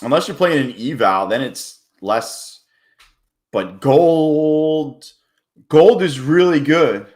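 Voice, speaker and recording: A man's voice: fairly high pitch, slow pace. A man hosting a live trading stream, talking in loose, profane, joking banter with his chat. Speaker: livestream trading host.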